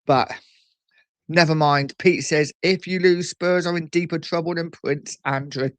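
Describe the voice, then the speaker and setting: Chatty man, slightly high, dry sound. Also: fairly even intonation, unhurried, fairly bright tone, dry recording. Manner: chatty, repeats phrases, reads out comments then reacts. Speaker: fan channel host reading live chat. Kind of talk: casual live-stream chat.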